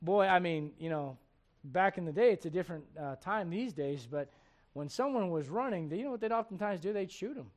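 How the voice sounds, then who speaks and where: A man in his forties preaches a sermon in a strikingly high-pitched voice, speaking fairly quickly. He's animated, keeps throwing questions out to the congregation, and acts out the people he quotes.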